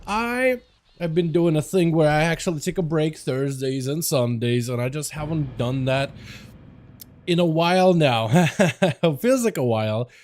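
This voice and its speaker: A tired male game streamer chatting casually with his viewers, laughing often and breaking into excited outbursts. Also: fairly high pitch, measured pace. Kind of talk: casual livestream chat.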